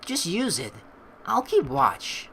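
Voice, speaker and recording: A woman's voice: mid-range voice, huge pitch swings, takes it slowly, fairly bright tone, pitched above the performer's own voice, full character voice. A woman voicing a grimy, creepy trucker man with a scratchy voice and a slight twang. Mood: gruff.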